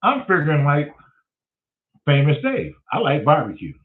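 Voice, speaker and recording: Man, lively comic storyteller, higher voice, tinny and distant like a phone line. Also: moderate pace. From Detroit, USA. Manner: profane, animated, acts out voices of others. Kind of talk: comedic storytelling.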